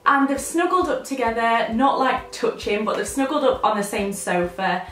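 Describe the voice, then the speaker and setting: High-voiced bubbly young woman. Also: animated, normal speed, a bit bright, reverberant. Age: 20s. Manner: bubbly, rambling, gushing. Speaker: lifestyle vlogger. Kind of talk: chatty vlog to camera.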